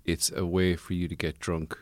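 A man's voice: low-pitched, level tone, moderate pace, no room sound, studio quality. A man co-hosting a podcast, chatting casually with jokey, absurd asides. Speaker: podcast co-host. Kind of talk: casual chat.

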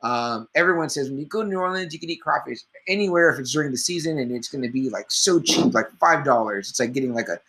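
A man's voice: medium pitch, lively intonation, quick pace, few pauses, pushed and bright. A man co-hosting a podcast, chatting casually about comedy movies, rambling, swearing often and a little tipsy. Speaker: podcast co-host.

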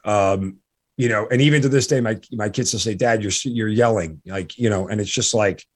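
A man hosting a podcast in a halting, earnest way, full of restarts, and audibly emotional. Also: on the low side, slightly rough. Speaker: podcast host. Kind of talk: casual interview chat.

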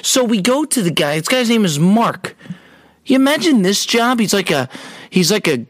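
A man's voice: high voice, big pitch swings, moderate pace, a bit bright, no room sound. A man hosting a podcast, telling a comic story in an exasperated, casual way and stumbling over repeated words. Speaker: podcast host.

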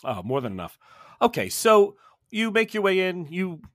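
A man's voice: sits high, wildly swooping pitch, moderate pace, a bit bright, no echo. Chatty male game master, dry sound. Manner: casual, rambling, with many fillers and restarts. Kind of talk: narrating a tabletop role-playing game.

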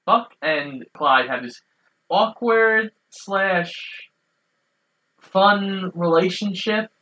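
Bright-voiced man chatting about a film. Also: sits high, very slow, rough recording. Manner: relaxed, chiming in with short remarks. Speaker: podcast co-host. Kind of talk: casual chat.

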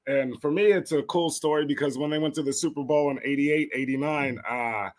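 A man's voice: a little high, a little fast. A man joining as a guest, casually telling a laid-back story. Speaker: contest winner guest. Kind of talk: casual interview chat.

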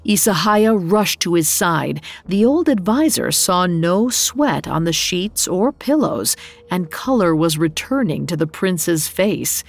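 A woman narrating a story in a steady, measured reading voice. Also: on the low side.

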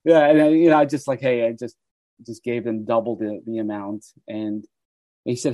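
Man in his sixties, interview guest, animated anecdotes, warm low voice, dry sound. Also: moderate pace, no room sound. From United States. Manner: animated storyteller who acts out quoted voices. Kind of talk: storytelling interview.

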